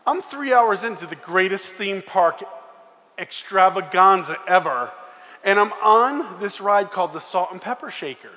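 A man with a high-sitting, animated, sharp-toned voice tells a funny story to a crowd at a youth conference, acting out voices and sound effects at a measured pace. The large conference hall gives the recording a long reverb and faint room noise.

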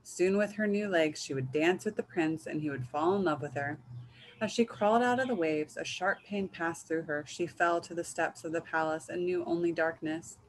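A woman reading a picture book aloud in a gentle, measured storytelling manner. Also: on the low side, slight background noise, low-quality recording. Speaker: reader.

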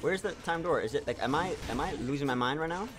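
A young man streaming a game, talking excitedly to his viewers and swearing as he plays. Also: fairly high pitch, fast talker. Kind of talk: casual gameplay commentary.

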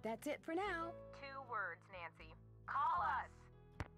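Chatty high-voiced caller. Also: female voice, very animated, slow, sharp tone, soft background music, heavily acted. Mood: brisk. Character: young woman checking in on a friend by phone. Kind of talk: video game voice acting.

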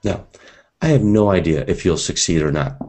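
A man's voice: deep voice, normal speed, a little mellow. A man teaching a live seminar, talking energetically and conversationally and speaking directly to his audience.

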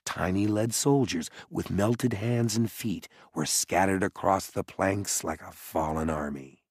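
A man reading an audiobook in expressive scripted narration, close to the mic. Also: low voice, unhurried, breathy edge, no room sound. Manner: expressive storytelling.

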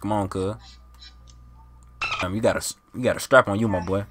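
A man's voice: fairly low pitch, steady tone, fairly quick, background noise. A man hosting a gaming video, trash-talking and getting exasperated in slangy casual chat with an opponent over a headset mic. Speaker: gaming channel host.

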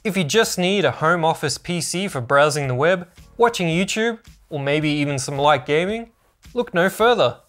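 A man's voice: a little high, lively intonation, moderate pace, a bit bright, soft background music. A man narrating a scripted product review as a tech channel host, upbeat and informative.

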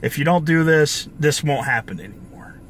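A man's voice: a little high, expressive, moderate pace, a bit bright, a little hiss or hum. Angry ranting young man, swearing a lot. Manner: angry, profane ranting with repeated restarts. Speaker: gaming channel host. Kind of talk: ranting video commentary.

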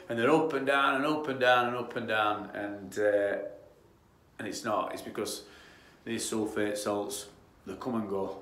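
In an echoey room, a Yorkshire man with a matching accent talks unhurriedly in a lowish, fairly bright voice with flat delivery. He's a damp-proofing tradesman speaking casually on site, wandering off on tangents and restarting his phrases as he rambles.

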